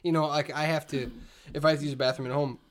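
Man, thirties, podcast co-host, laid-back, laughs a lot, trailing quiet endings. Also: a little high, little pitch movement, quick pace. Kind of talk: casual chat.

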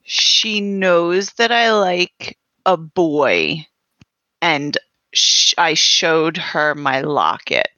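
A woman playing a tabletop role-playing game, speaking partly in character in a slow, animated way. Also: deep voice, no echo, highs cut off. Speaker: player.

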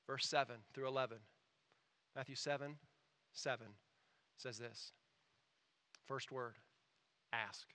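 Bright-voiced man preaching a sermon. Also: mid-range voice. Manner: earnest, builds from quiet scripture reading to emphatic exhortation. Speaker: pastor.

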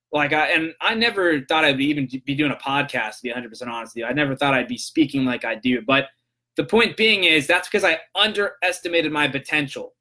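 Bright-voiced man telling a story. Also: on the high side. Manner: animated, acts out both sides of a phone call. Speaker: podcast host. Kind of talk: casual storytelling monologue.

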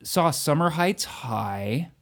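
A man's voice: fairly high pitch, animated, slow pace, a bit bright. Wry teasing man on a podcast. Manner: wry, teasing, hesitant fillers. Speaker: podcast co-host. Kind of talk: casual podcast chat.

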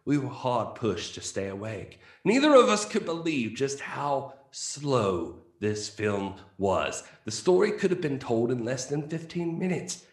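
A man's voice: mid-range voice, big pitch swings, unhurried, few pauses. A man voicing a pompous British male film reviewer with a put-on British accent and a theatrical, indignant delivery. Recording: roomy echo.

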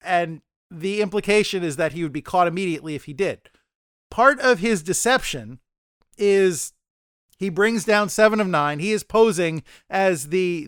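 A man's voice: fairly high pitch, fairly bright tone, clean tone, no echo, studio quality. A man co-hosting a casual podcast discussion, rambling and often stammering as he restarts his sentences. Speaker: podcast co-host.

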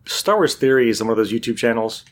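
A man's voice: medium pitch, quick pace. A man in casual chat, telling a long story and acting out what other people said. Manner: animated storyteller, acts out quotes.

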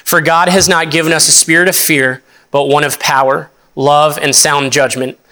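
A young man, an associate pastor, preaching a sermon in an earnest, halting way with many restarts. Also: fairly high pitch, fairly even intonation, pushed and bright.

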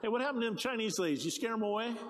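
Animated high-voiced pastor preaching in a hall. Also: male voice, racing, slight background noise. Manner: animated, excited preaching with frequent restarts. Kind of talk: sermon with storytelling. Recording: long hall reverb.

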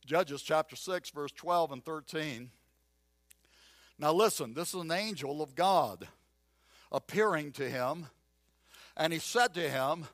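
A man preaches with rising emphasis, leaning hard on repeated phrases. His voice sits high and carries a gravelly edge. The sound is dry and close, with no room around it. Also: unhurried, no room sound. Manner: animated, emphatic preaching with repetition; acts out voices of a doubting listener and a drawling Gideon. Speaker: pastor. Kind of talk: sermon.

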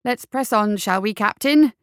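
A woman voicing a flustered male coroner in an audiobook, talking in a quick, nervous, placating way. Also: a little high, no room sound, studio quality, voice pushed up, natural voice. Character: flustered male doctor, a coroner, thinking fast.

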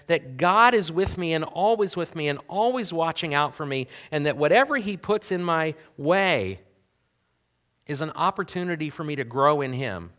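A man with a bright, somewhat high voice preaches a sermon in a conversational way. He peppers the talk with rhetorical questions. He jumps to loud emphasis, then falls to quiet, hushed asides. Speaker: pastor.

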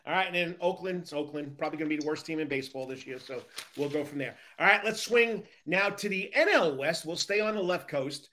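Brief: upbeat male sports talk host, high and bright-voiced, leads the chat. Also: quick pace, hardly any pauses, a little hiss or hum. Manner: upbeat, playful, leading the topics.

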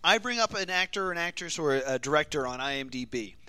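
A man's voice: fairly high pitch, expressive, quick pace, pushed and bright, clear, resonant tone. A man hosting a podcast, rambling through stories in a self-mocking, casual way. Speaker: podcast host.

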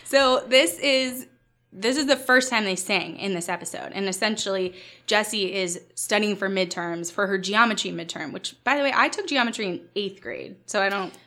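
A woman's voice: mid-range voice, normal speed, pushed and bright. A woman podcast host in casual chat, recapping a TV episode with laughter and quotes. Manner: chatty, laughing, quoting scenes.

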